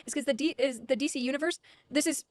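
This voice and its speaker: A woman's voice: high-pitched, quick pace. A woman hosting a casual comic-book history video, rambling and irreverent and swearing freely.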